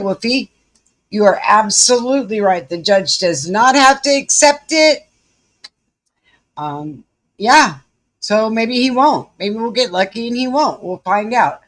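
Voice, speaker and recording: A woman with a Southern US accent hosting a live stream from home, chatting folksily with viewers. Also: mid-range voice. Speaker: livestream host. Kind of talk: casual live commentary.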